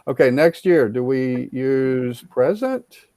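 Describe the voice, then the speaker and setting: A man leads an online English lesson at an unhurried, careful pace, repeating key words so students can follow. His voice is gravelly, with a dry, close sound and no room echo. He explains grammar patiently and now and then offers a quick Spanish translation. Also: medium pitch, animated, mellow. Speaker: ESL teacher. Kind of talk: online class teaching.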